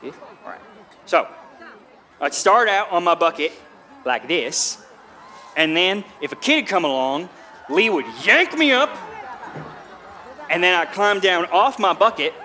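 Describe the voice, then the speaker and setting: A poor young drifter, played by a man on a theatre stage, telling his hard-times story in earnest, folksy speech with rustic grammar. His voice is fairly high and bright. The monologue is delivered with plain, sincere stage presence. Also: lively intonation, a little slow, pauses often, some chatter behind, a little hiss or hum, exaggerated voice.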